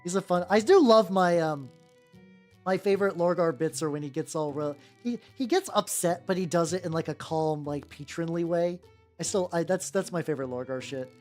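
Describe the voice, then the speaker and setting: A woman's voice: fairly low pitch, normal speed. A young woman chatting casually on a stream while painting miniatures, rambling with lots of fillers and casual swearing. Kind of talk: casual livestream chat. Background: soft background music.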